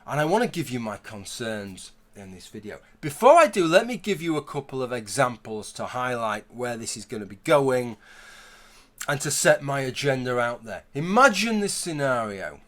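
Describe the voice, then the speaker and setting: A man's voice: mid-range voice, very animated, normal speed, a bit bright. A man giving a conversational opinion commentary, arguing his point through hypothetical scenarios. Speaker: YouTube commentator.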